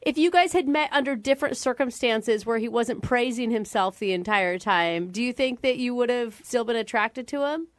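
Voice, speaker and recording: A woman's voice: a little high, moderate pace, hardly any pauses, dry recording. A woman co-hosting a morning radio show, teasing and light. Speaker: radio co-host.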